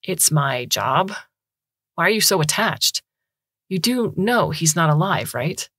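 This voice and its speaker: A woman reads a curt male office admin, dismissive and flat, in a lowered, husky voice. it is recorded close and dry. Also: slow, no room sound, heavily acted.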